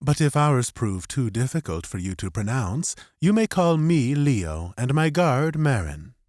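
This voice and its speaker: A man voicing a tall male alien ambassador in an audiobook, speaking in a quiet, grave, soft and melodic way. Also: medium pitch, sing-song, measured pace, no echo, studio quality, voice pushed up.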